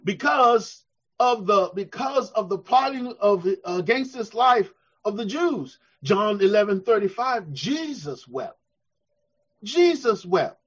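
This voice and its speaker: A male preacher with a high-pitched voice delivers a sermon, rising to fervent shouts and sinking to soft, slow passages. The sound is dull and lo-fi. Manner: preaching with call-and-response, swelling to shouts then dropping soft. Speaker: pastor.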